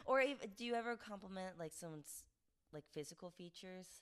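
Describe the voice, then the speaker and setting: A young woman with a raspy voice, co-hosting a casual podcast chat in an animated, self-mocking way and laughing easily. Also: on the low side, a little fast. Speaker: podcast co-host.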